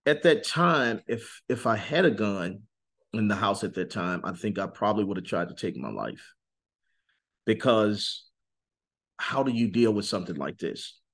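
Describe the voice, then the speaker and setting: A man giving an earnest, intense testimony in a sit-down interview, slowing on key words and rising suddenly in pitch and volume. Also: sing-song, a bit bright. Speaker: interview guest.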